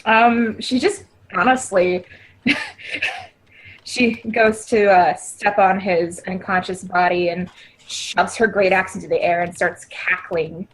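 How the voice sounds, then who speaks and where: A woman's voice: lowish voice, steady tone, takes it slowly, rough recording. A woman playing a tabletop role-playing game, describing her character casually and giggling. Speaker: player.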